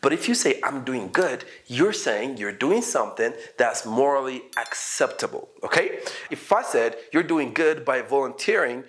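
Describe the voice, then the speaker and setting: Lively male English teacher. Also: mid-range voice, brisk, hardly any pauses. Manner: explains patiently and acts out sample dialogues; asks learners questions. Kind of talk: English lesson.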